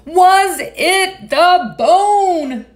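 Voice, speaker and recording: A woman's voice: lowish voice, big pitch swings, takes it slowly, reverberant. A woman voicing a sleepy, puzzled young male dog in a picture book, sounding a little hesitant. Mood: eager.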